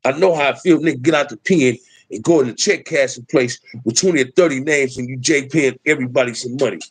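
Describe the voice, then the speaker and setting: Husky man preaching with street emphasis. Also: medium pitch, fast talker, no echo, poor audio. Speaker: livestream host. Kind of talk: impassioned livestream talk.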